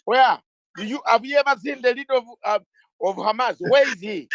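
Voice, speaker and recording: A middle-aged man with a notably high-pitched voice speaks briskly in an impassioned interview, arguing like a lawyer making a case. He is emphatic, stacking rhetorical questions and repeating key words. The recording is dry, with almost no room echo.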